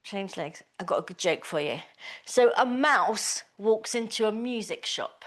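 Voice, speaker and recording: A woman's voice: mid-range voice, expressive, unhurried. A woman teaching a small Pilates class, giving encouraging, chatty cues. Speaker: pilates instructor. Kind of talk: live class instruction.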